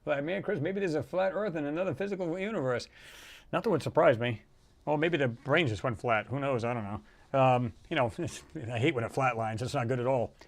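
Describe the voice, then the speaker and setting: A man hosting a casual livestream, rambling and animated as he reads out viewer comments and reacts to them. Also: medium pitch, a little fast. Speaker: livestream host.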